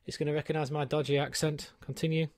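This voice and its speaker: A man's voice: fairly high pitch, little pitch movement, fast, darkish tone, no echo. A man giving a chatty, self-deprecating walkthrough of a gadget in his small home studio, with plenty of ums. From United Kingdom. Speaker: tech reviewer. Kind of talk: unboxing and set-up walkthrough.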